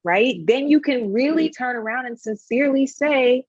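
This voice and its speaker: Wellness coach, woman, husky animated delivery, dry dull lo-fi sound. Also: on the high side, normal speed, no room sound. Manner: animated storyteller, frequent "right?" tag questions. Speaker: wellness practitioner. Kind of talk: conversational panel advice.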